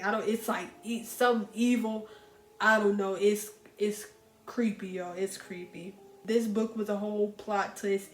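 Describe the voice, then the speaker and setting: A woman chatting casually about books she recommends, animated and talking straight to her viewers. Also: medium pitch. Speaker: book reviewer. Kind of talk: casual book recommendation chat. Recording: echoey room with faint music.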